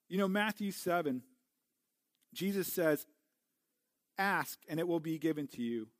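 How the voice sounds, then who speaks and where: A man's voice: on the high side, expressive, a little slow, pauses often, dry recording, clean studio sound. A middle-aged man preaching a sermon as a pastor, earnest and often restarting his words. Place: church.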